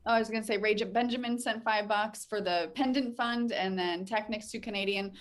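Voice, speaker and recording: A woman's voice: medium pitch, fairly quick. A woman co-hosting over a video call, plainly reading out viewers' tips and messages in casual chat.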